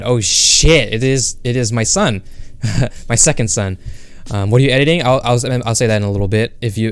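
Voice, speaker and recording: A man's voice: on the low side, smooth, dry recording. A young man streaming from home into a desk mic, rambling bluntly with profanity and lots of fillers. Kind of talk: casual livestream chat.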